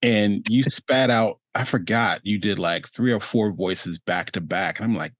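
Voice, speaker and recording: A male host with a lowish voice chats loosely on a video call, rambling through fillers and slipping into quick impressions. The sound is dry and close, with no room around it. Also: no room sound. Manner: rambling, with many fillers, quick laughs and acted-out quotes. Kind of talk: casual interview chat.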